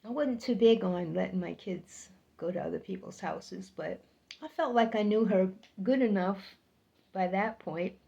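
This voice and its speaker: A woman's voice: medium pitch, measured pace, vocal fry, mellow, dull audio. An older woman telling a personal story to the camera, chatty and repeating words for emphasis. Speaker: vlogger.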